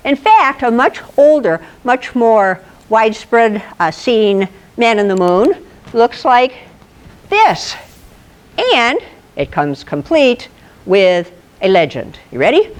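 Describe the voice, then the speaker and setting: A woman's voice: on the high side, slow pace. A woman giving a playful astronomy presentation to a live audience, telling stories and quizzing the room. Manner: playful, animated, asks the audience questions. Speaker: presenter at an astronomy club talk. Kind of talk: lively storytelling lecture.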